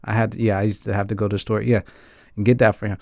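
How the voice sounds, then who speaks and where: Host, male, from the States. Warm, relaxed voice, dry close sound, loose reflective chat with lots of asides to the audience. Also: on the low side, very fast, vocal fry, no echo. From United States. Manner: earnest and rambling, keeps asking the audience "right?" and "guys". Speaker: film discussion host.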